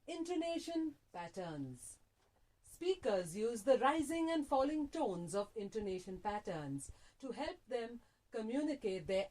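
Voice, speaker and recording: Slow, lilting woman reading a lesson. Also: a little high, darkish tone. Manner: deliberate, sing-song reading with exaggerated rises and falls. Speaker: radio presenter reading a lesson. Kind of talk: slow, carefully read-aloud lesson on punctuation and intonation. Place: small prerecording room at a radio station. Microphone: phone test broadcast.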